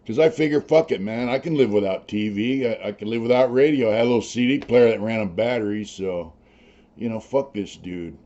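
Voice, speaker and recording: A man's voice: lowish voice, a little fast, warm tone, highs cut off. An older man, a former prisoner, telling his stories in a rambling, profane, casual way full of "you know". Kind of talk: casual storytelling.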